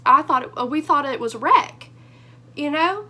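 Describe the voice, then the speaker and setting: Her voice high, bright and a little hoarse, this young vlogger tells a story at a fast, energetic clip. The storytime delivery is animated and rambling, packed with filler words.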